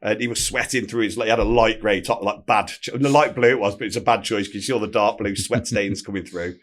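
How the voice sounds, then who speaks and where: A man, telling a story as a podcast guest, animated and swearing freely. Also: fairly low pitch, fast talker. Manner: animated anecdote-telling, swears freely, acts out quoted speech. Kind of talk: casual storytelling.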